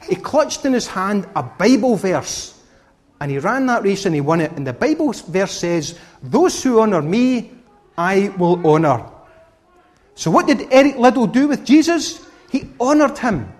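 A man preaching a children's sermon who asks the children questions and coaxes answers from them. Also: high-pitched. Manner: animated, questioning the children directly. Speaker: preacher giving a children's talk.

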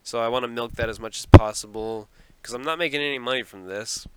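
A man's voice: mid-range voice, fast, darkish tone, smooth, no echo, rough recording. A man hosting a solo podcast from a small closet, rambling and self-deprecating and often laughing at himself. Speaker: podcast host.

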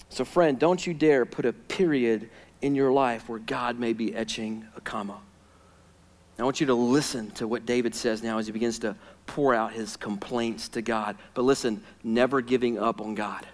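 A man preaching a sermon, swinging from hushed, intimate lines to loud, urgent ones. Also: medium pitch, normal speed. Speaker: pastor.

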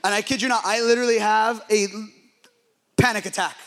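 A young man preaching as a pastor, telling a story in an animated, self-deprecating way and joking with his listeners. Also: high-pitched, fairly quick. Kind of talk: humorous storytelling sermon.

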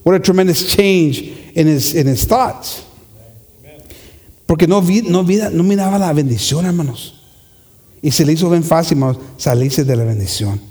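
A man's voice: fairly high pitch, a little fast, pauses often, a little mellow. A man preaching a sermon with passion, repeating phrases and building to emphatic peaks. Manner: impassioned, repeats himself, rises to emphatic peaks. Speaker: pastor. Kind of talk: bilingual sermon. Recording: long hall reverb.

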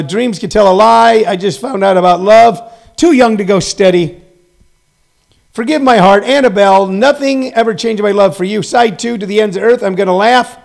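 Gravelly high-voiced man ranting comically. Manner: indignant, rambling, self-mocking. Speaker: show host. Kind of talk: mock-earnest comedy rant.

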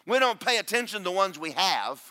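A man preaching a sermon as pastor, loud and booming, with self-deprecating humor. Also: sing-song, fairly quick. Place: church.

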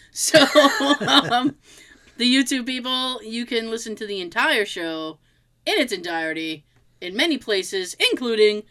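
A woman's voice: a little high, lively intonation, a little slow, sharp tone. A woman hosting a podcast, telling stories in a loose, rambling way with frequent laughter. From United States. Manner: chatty storyteller, laughs often, loose rambling restarts. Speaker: podcast host. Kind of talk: casual chat.

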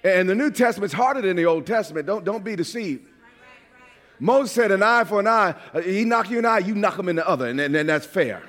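A man from New York preaching a sermon as a pastor, animated and at times shouting. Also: high-pitched, brisk, in a large hall.

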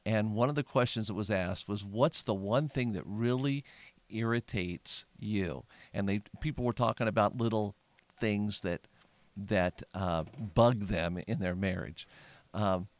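A middle-aged man, a pastor, talking in a casual podcast conversation as an earnest storyteller who grows animated when retelling. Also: fairly low pitch, measured pace, no room sound.

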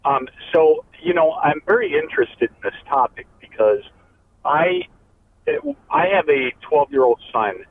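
A man's voice: fairly high pitch, expressive, unhurried. Caller, male, passionate, heard on a tinny phone line with faint hiss. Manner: passionate, emphatic. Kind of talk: phone call-in.

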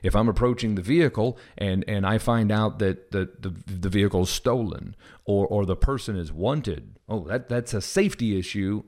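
A man from the Midwest with a Southern US accent, a podcast host talking through ideas in a casual monologue, animated and full of restarts. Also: on the low side, moderate pace, hardly any pauses. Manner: animated, thinks aloud with many restarts.

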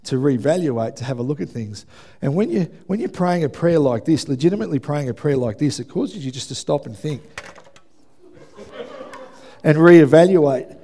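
A man preaching a sermon in a church, telling lively stories and acting out quotes with self-mocking asides. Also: a little high, moderate pace. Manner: animated storytelling, acts out shouted quotes, self-deprecating asides. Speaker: pastor. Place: church hall with congregation.

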